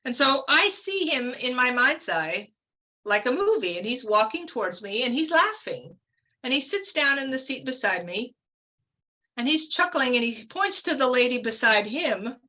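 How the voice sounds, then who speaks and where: Bright-voiced woman in her fifties telling a story. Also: high voice, very animated, moderate pace, dull audio. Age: 50s. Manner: chatty, meandering, full of fillers and asides. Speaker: podcast guest. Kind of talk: casual storytelling.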